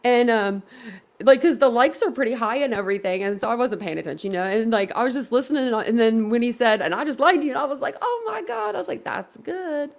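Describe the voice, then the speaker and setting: A woman's voice: fairly high pitch, fast. A woman hosting a casual live reaction stream, giggling constantly and laughing to tears. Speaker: livestream host. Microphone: computer at desk.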